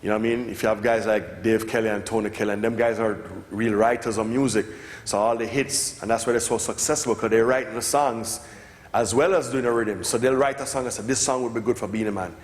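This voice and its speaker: Animated Jamaican man in an echoey hall. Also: fairly low pitch, fairly quick. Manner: animated storyteller, swears, slips into patois impressions. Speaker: record producer giving a lecture. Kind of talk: casual lecture talk. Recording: echoey hall with long reverb.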